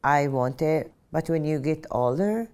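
A woman's voice: low voice, lively intonation, unhurried, darkish tone. A middle-aged woman from Arabia, a pilot telling her story in an earnest, reflective interview and often saying "just like". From Saudi Arabia.

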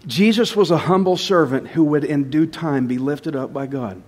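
A man preaching a sermon, swinging between loud stressed phrases and soft, low asides, often slowing down to repeat a line. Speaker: pastor.

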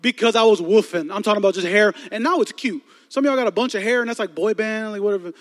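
High, animated young man preaching in a hall. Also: quick pace. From Chicago area, United States. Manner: animated, acts out voices in his stories, stammers and repeats words. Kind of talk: storytelling sermon to a live youth audience.

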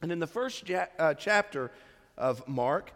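A man delivers a sermon from the pulpit, easing into his message with a relaxed, conversational story. His voice sits fairly high for a man. The sound carries the long reverb of a large church sanctuary. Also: a little slow. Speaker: pastor.

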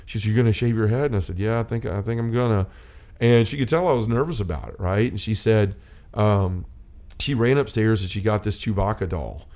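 The voice is a middle-aged man's, fairly low and darkish, moving a little fast. He hosts a faith-based chat and shares a personal story in an earnest, wandering way, with frequent restarts and quoted lines.

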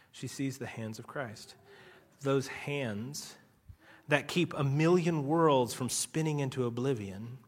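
A male pastor preaching a sermon and leading prayer, swinging between loud urgency and hushed softness. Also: medium pitch. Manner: leads prayer.

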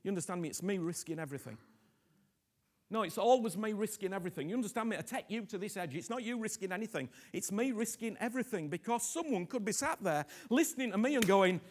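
A middle-aged man preaching a sermon, moving from hushed whispers to loud, pleading outbursts and asking his listeners again and again whether they understand him. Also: high voice, animated, fast. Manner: repeats himself, asks "you understand me?" often.

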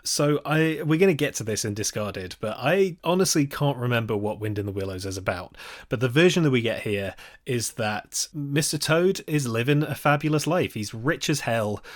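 A man co-hosting a casual podcast, chatty and joking as he reviews an old animated film. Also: mid-range voice. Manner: chatty, joking, quick asides. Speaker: podcast co-host.

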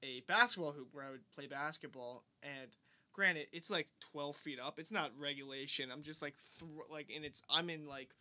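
A young man co-hosting a podcast, telling an embarrassing childhood story in animated casual chat. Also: a little high, normal speed. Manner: animated storyteller, laughs often. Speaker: podcast co-host.

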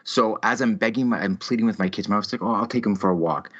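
A man's voice: lowish voice, quick pace, fairly bright tone. A man in his thirties hosting a podcast, telling a story in casual chat with heavy swearing and exaggerated ranting. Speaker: podcast host. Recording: slightly muffled lo-fi audio.

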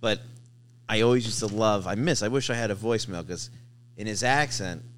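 A man with a low voice, co-hosting a relaxed food chat. He banters warmly and with enthusiasm, over a faint hum in the background. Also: fairly quick. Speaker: visiting show host. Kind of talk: casual conversation.

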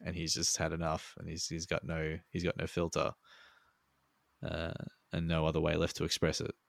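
A man's voice: very deep voice, completely flat delivery, moderate pace, gravelly, dry recording. A man co-hosting a podcast over a remote call, talking in a rambling, laid-back way and swearing freely. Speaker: podcast co-host. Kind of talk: casual podcast chat.

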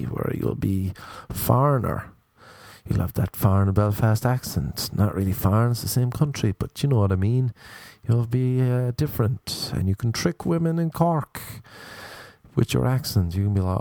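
A man's voice: medium pitch, vocal fry, mellow, no room sound, clean studio sound. A man in his thirties with an Irish accent, hosting a podcast and giving rambling, jokey advice in a casual comic chat. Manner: rambling, jokey, riffs in silly voices. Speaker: podcast host and stand-up comedian.

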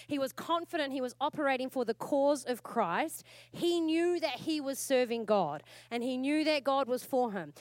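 A woman's voice: sits high, no room sound. A woman pastor with a New Zealand accent preaching a sermon in a church, earnest and exhorting, repeating her points for emphasis.

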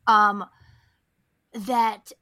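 A woman podcast co-host with a bright, sharp voice, chatting casually and animatedly. She swears freely and fills her talk with "like". The sound is dry and close. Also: mid-range voice, drawn-out words, dry recording. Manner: animated, profane, heavy use of "like". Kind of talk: casual chat.

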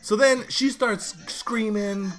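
A man's voice: high voice, steady tone, slow, a bit bright, soft background music. A man hosting a show, telling a story in a loose, rambling way with restarts and side remarks. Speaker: show host. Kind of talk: casual storytelling monologue.

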